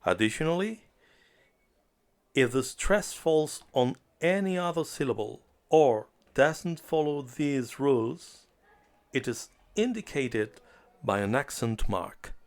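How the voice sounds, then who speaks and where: A man delivers a beginner language lesson at an unhurried pace, his voice sitting in a middle register. He speaks in a deliberate, carefully enunciated scripted manner, pausing between short phrases. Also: mid-range voice, lively intonation. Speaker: language teacher.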